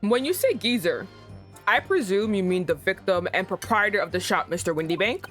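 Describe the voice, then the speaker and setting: A woman voicing an earnest young male defense lawyer, measured and questioning, a little lower than her usual voice. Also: animated, fairly bright tone, soft background music, lightly acted. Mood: probing.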